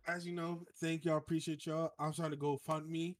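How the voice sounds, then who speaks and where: A man who is a regular on a casual podcast, making joking deadpan asides. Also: fairly high pitch, moderate pace, dry recording. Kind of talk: casual group chat.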